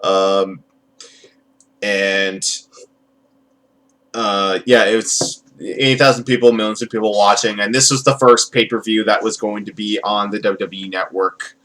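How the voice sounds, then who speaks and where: A man's voice: on the low side, little pitch movement, a little slow, fairly bright tone. A man hosting a casual TV review podcast, rambling and profane, acting out the people he quotes. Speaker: podcast host.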